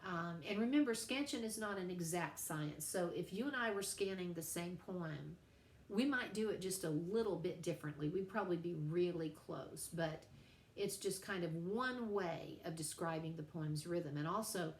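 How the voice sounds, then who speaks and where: A middle-aged woman with a fairly low voice gives a friendly, playful recorded lecture to her writing class at a moderate pace. The room sounds spacious, with a faint hum in the background.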